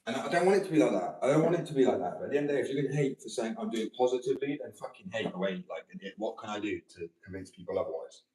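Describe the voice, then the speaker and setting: A man's voice: mid-range voice, expressive, very fast, few pauses, dark tone. A man with a slight Australian twang, ranting to camera in a profane, combative, rambling monologue. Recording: roomy sound from a distant mic.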